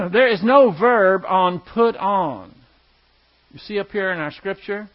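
High-voiced man preaching a sermon. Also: expressive, dull audio. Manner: teaching, emphatic with slow stressed words. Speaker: pastor.

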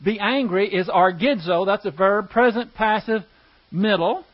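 A man's voice: sits high, unhurried, dull audio. A man teaching a Bible class verse by verse, explaining Greek grammar step by step and asking the class questions.

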